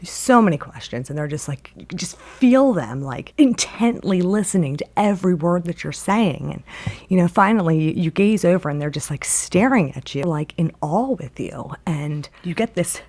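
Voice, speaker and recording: Brief: woman storyteller, low voice, lively pitch swings, casual and rambling with lots of fillers. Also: moderate pace. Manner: rambling, heavy use of filler words.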